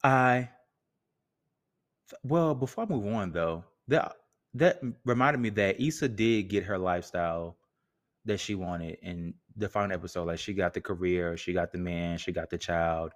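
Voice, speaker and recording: A man's voice: low voice, a bit bright. A man hosting a solo podcast in a casual, joking, slangy way. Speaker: podcast host.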